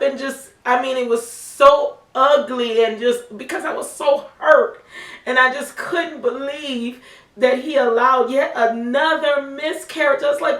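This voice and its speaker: A woman's voice: high voice, a little slow, fairly bright tone. A middle-aged woman sharing an emotional, faith-filled testimony as a mother, in earnest personal talk. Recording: roomy sound from a distant mic.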